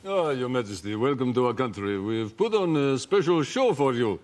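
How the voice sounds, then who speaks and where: A man's voice: medium pitch, big pitch swings, fairly quick, a little mellow, pitched below the performer's own voice, close to an everyday voice. A man voicing an eager foreign official and carpet salesman with pushy, broken patter.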